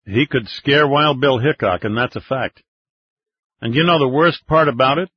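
A blunt, boastful Russian general bellows and swears, his voice pitched well above his usual register, as a male narrator puts him on. The tone is husky and the recording is dull and dry. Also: moderate pace, no room sound, lightly acted. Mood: exasperated. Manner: loud, swearing, emphatic.

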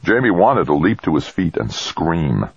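A man narrating an audiobook in a steady, measured reading. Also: deep voice, creaky, husky, no echo. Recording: dull dry lo-fi recording.

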